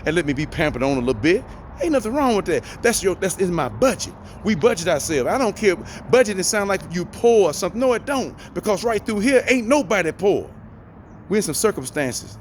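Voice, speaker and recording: Animated, preachy man with a high voice. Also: a little hiss or hum. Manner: folksy, preachy, animated, repeats phrases for emphasis. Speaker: vlogger giving life advice. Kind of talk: casual motivational talk.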